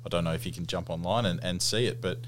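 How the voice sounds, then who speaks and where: Deep voiced guy rambling a bit, lots of um, slight hum behind. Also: quick pace. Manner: casual, hesitant, lots of ums and restarts. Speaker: golf equipment rep, guest. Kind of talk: podcast interview.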